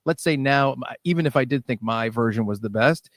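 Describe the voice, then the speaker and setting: A man, a musician and director, telling lively stories in a casual interview and acting out what people said. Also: medium pitch, brisk, no echo, clean studio sound. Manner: animated storyteller, acts out quoted dialogue.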